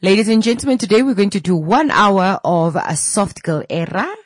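A playful woman hosting a late-night radio talk show. She chats freely, repeats words for flair and addresses listeners as ladies and gentlemen. Her voice is close to a studio mic, dry and clear. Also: mid-range voice, animated, moderate pace, no echo. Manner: playful and chatty, breaks into sung vocal riffs and sound effects. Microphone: studio microphone.

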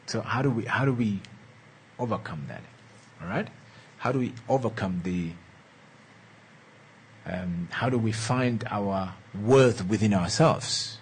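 Very husky-voiced man giving a lively talk. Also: lowish voice. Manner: repeats key lines and checks in with "All right?" and "Eh?"; earnest, coaxing, slow and emphatic. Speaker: relationship speaker. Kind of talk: motivational talk to an audience.

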